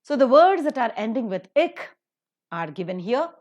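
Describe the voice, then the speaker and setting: A woman lecturing on English word stress over slides, her voice rising and falling with emphasis. She speaks clearly and deliberately, spells endings out letter by letter and repeats each example word. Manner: lively pitch with emphatic stresses. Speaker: English pronunciation teacher.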